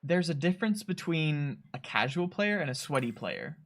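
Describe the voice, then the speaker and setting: A man co-hosting a game studio livestream chats casually and reads viewer chat aloud, laughing often and getting animated when he mimics players. His voice is a little high, and he speaks at a moderate pace.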